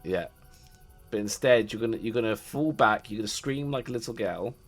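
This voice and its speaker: A man's voice: lowish voice, a little fast, soft background music. A man narrating as game master, loose and hesitant, often laughing.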